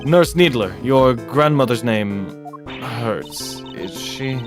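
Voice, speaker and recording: A woman voicing a composed, formal male prosecutor in a measured reading. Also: extremely low pitch, animated, over music, heavily acted.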